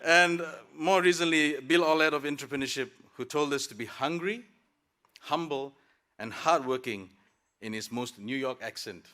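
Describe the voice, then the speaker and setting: Man, student speaker, thirties, podium speech, formal with light jokes, forceful tone. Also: on the high side, normal speed. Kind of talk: prepared convocation speech. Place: graduation ceremony.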